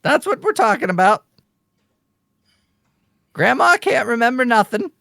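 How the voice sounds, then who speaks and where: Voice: medium pitch, sing-song, measured pace, creaky, fairly bright tone, dry recording, studio quality, pitched above the performer's own voice, full character voice. The game master doing a squawking, pushy pet raven. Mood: cheeky. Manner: squawks repeated phrases, chatty and cheeky.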